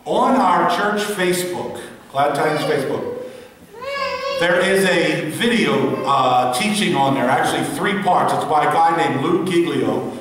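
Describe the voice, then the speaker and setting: A man delivers an animated sermon, leaning hard on drawn-out declarations. His voice sits fairly high and reaches the recording from a distance. A long hall reverb trails each phrase, and the congregation answers him in the background. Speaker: preacher. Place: church sanctuary. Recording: echoey hall from far off.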